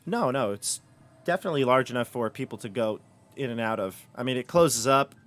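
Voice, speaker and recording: A man's voice: mid-range voice, animated, brisk, a bit bright. Man narrating as dungeon master. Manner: descriptive, reads room descriptions aloud. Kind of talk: narrating a tabletop game.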